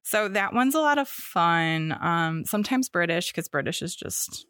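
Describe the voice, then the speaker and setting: A woman's voice: on the low side, expressive, a little slow, a bit bright, clear, resonant tone, no echo, studio quality. A young woman co-hosting a podcast, chatting casually with plenty of fillers and restarts. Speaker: podcast co-host. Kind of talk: casual chat.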